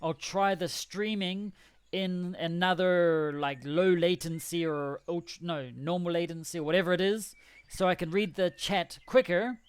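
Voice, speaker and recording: On a game livestream, a streamer chats in a loose, jokey way, rambling and correcting himself. His voice sits high with fairly even intonation, a measured pace, and a clean tone, with no echo.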